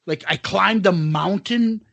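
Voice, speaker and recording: A man co-hosting a podcast, telling a story in casual chat, animated and profane, acting out the people in it. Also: high-pitched, takes it slowly, gravelly, no room sound, lo-fi sound. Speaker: podcast co-host.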